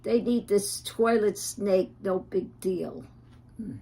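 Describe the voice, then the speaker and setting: A woman's voice: medium pitch, takes it slowly, vocal fry, mellow. A woman ranting on a livestream, profane and indignant, with frequent fillers and restarts.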